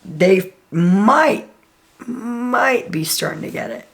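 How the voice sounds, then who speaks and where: A woman's voice: mid-range voice, animated, slow, creaky. A woman host chatting through a casual, gossipy recap of a reality show, full of "like" and "um".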